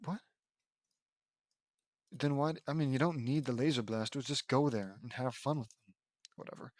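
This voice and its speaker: A man's voice: medium pitch, normal speed, pauses often, darkish tone, no echo. A man reading a fan story aloud, breaking off with sarcastic, exasperated comments and swearing. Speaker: fan fiction reader.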